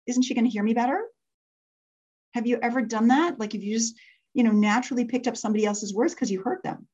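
A woman's voice: on the high side, brisk, darkish tone, lo-fi sound. A woman leading an interactive workshop for entrepreneurs. She laughs often and asks the group to raise their hands.

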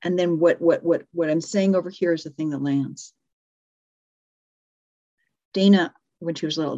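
A middle-aged communication coach runs a live workshop on speaking, demonstrating examples aloud and correcting herself along the way. Her low, dark voice moves at normal speed with long pauses, and the sound is lo-fi.

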